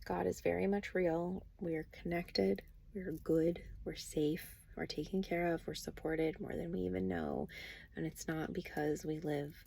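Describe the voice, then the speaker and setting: A woman's voice: lowish voice, normal speed, gravelly, mellow, breathy edge. A woman vlogging a rambling, profane, casual spiritual monologue.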